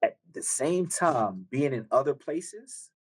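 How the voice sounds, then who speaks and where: A man's voice: medium pitch, very animated, takes it slowly. A man from the United States, a podcast guest chatting casually and emphatically, stacking repeated phrases and checking in with "right?". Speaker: podcast guest, speaker on emotional intelligence.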